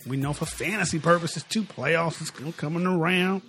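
A man's voice: fairly high pitch, normal speed, a bit bright. A man co-hosting a casual sports talk podcast, with a slight lisp and a laid-back, slangy way of talking. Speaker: podcast co-host.

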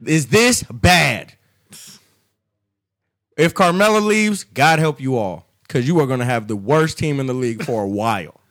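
A man's voice: mid-range voice, expressive, measured pace, a bit bright. A man co-hosting a casual sports chat, ranting in an exasperated way. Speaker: sports podcast co-host.

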